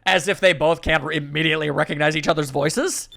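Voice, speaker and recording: A man's voice: fairly high pitch, fairly even intonation, quick pace, vocal fry, bright, forceful tone, a little hiss or hum. A man giving casual, wry commentary over a game while reading its dialogue aloud. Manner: wry, chatty, reads out the game's dialogue. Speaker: let's play commentator. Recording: faint game music behind the voice.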